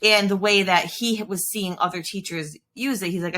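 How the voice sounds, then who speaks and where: A woman hosting a podcast, a former principal telling stories in a casual, animated way with laughs. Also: mid-range voice, normal speed. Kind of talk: casual conversational interview.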